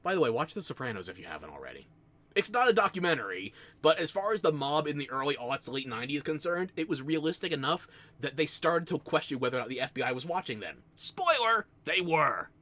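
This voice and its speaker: Man, New Jersey accent, streamer chatting with viewers, lively swinging pitch, rambling self-mocking stories, desk mic. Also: fast. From United States. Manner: rambling, self-mocking storytelling with frequent laughs. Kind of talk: casual stream chat.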